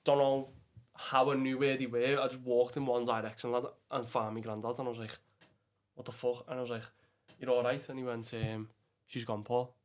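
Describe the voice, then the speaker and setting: Flat-voiced Scouse young man recounting loss. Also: medium pitch, normal speed. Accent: Liverpool Scouse. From England. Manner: blunt, swears often, calls the listener "lad". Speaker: podcast guest. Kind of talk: emotional storytelling.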